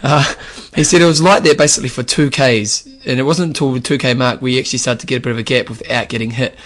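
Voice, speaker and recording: A man co-hosting a casual podcast, relaxed and chatty with plenty of fillers as he reads out listener questions. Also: medium pitch, fast.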